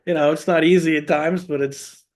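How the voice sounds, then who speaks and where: A man's voice: a little high, fairly even intonation, moderate pace, a little mellow. A middle-aged man, a guest in casual chat, rambling fondly through memories and chuckling often.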